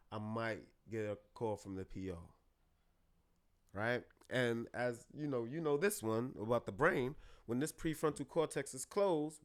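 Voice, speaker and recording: A man talking as a therapist guest on a podcast, animated and acting out his clients' voices. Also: medium pitch. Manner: animated, acts out clients' voices, calls listeners brother. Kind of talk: podcast conversation.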